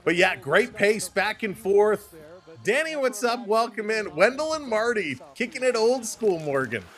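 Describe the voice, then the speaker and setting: Excitable Canadian play-by-play man. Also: sits high. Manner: fast, excitable calls, greets chat viewers. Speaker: play-by-play host. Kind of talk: livestream sports commentary.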